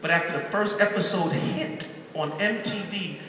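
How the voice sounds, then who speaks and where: A middle-aged man telling his life story from the pulpit, lively and acting out the voices of others. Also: high voice, moderate pace, far from the mic, noisy background. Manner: lively, animated, acts out quotes. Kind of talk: storytelling sermon. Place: large church hall. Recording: echoey church hall from afar.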